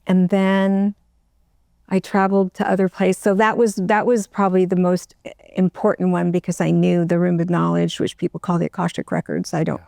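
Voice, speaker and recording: A middle-aged woman, an interview guest, telling her own story in a halting, emotional way, close to tears, with many restarts. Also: on the low side, little pitch movement, creaky, mellow, no room sound. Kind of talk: personal storytelling.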